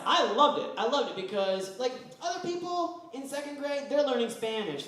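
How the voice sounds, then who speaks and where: Animated man telling stand-up stories, echoey. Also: very high voice, normal speed, hardly any pauses, a crowd in the background. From West Virginia. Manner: rambling, animated storytelling with acted-out voices. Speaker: stand-up comedian. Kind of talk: stand-up comedy set. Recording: echoey room, voice from far off.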